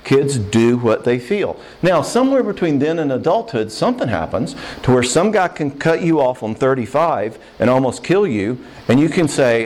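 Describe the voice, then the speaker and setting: An older man giving a lively sermon on marriage to a live crowd, conversational and playful, often checking in with the listeners. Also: medium pitch, normal speed, few pauses, rough recording. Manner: acts out quoted voices and jokes. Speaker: pastor teaching on marriage.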